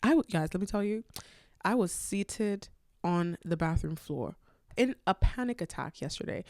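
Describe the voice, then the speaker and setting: A woman hosting a solo podcast, telling personal stories candidly and expressively, jumping from loud bursts to hushed asides. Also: fairly low pitch, animated, normal speed, creaky, dry recording, studio quality. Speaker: podcast host.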